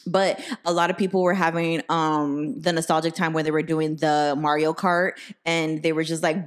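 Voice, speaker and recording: A young woman with a slightly low voice chats casually as a podcast host. She tells stories bluntly, swears freely and leans on "like" as she goes. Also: little pitch movement, normal speed. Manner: profane, blunt storytelling with lots of "like". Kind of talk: casual chat.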